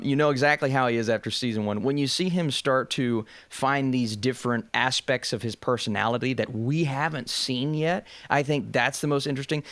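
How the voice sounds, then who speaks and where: A man's voice: mid-range voice, no echo. A man chatting enthusiastically as a guest on a movie podcast, laughing often. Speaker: guest youtuber. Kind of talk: casual podcast chat.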